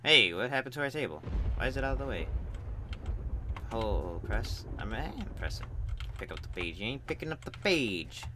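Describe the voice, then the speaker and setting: A man's voice: mid-range voice, sing-song, moderate pace. A young man swearing and joking through casual gameplay commentary. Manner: profane, joking, talks to the game. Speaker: gamer. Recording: keyboard and typing noise behind.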